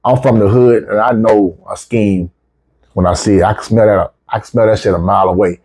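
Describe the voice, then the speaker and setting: A man with features, casually telling a travel story as a vlogger, swearing freely and jumping up in pitch when he quotes himself. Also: brisk. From United States. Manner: animated, profane, rises sharply when quoting himself.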